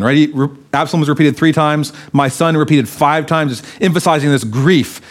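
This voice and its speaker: A man's voice: medium pitch, brisk. A man, a pastor, preaching a sermon and reading scripture aloud expressively, acting out the quoted lines.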